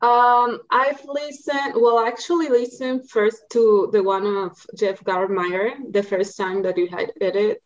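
A woman's voice: mid-range voice, flat delivery, measured pace, hardly any pauses. Woman chatting as a guest, stops to find words, kinda dull lo-fi sound. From Mexico. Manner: thoughtful, searching for words. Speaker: podcast guest. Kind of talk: casual interview.

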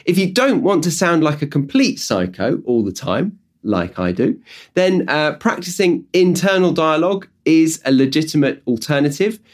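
A British man hosting an English-learning podcast, explaining tips in a lively, jokey way. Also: on the high side, moderate pace. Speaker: podcast host and English teacher. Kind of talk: podcast lesson talk.

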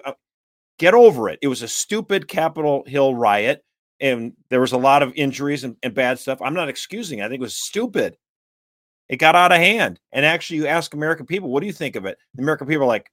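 A man hosting a political talk show, speaking in an animated, emphatic and exasperated way. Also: mid-range voice, brisk, no echo. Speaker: podcast host.

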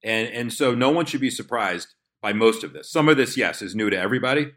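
A male trader co-hosting a podcast, speaking very quickly. He tells market stories in an animated, casual way. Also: medium pitch. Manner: fast, animated storytelling with quoted asides.

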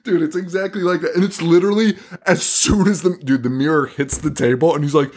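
A man's voice: fairly high pitch, a little fast, hardly any pauses, slightly rough. A man co-hosting a podcast, chatting casually and swearing a lot as he acts out scenes from a movie. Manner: animated, profane, acts out quotes from the movie. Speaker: podcast co-host. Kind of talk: casual chat.

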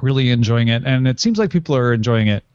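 A man's voice: mid-range voice, lively intonation, quick pace, darkish tone, clean tone, no room sound, lo-fi sound. A man co-hosting a podcast, talking through a novel's themes in a thoughtful, explaining way. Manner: thoughtful, explains at length with frequent fillers. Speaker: podcast co-host. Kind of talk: casual book discussion.

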